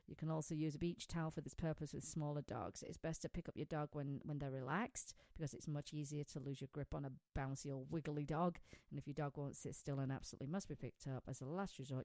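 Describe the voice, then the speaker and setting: Woman pet show host, low voice, dry close sound, chatty and prone to tangents. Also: darkish tone, no room sound. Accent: non-American, says it is her own. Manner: chatty, laughs often, wanders off topic. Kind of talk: casual chat.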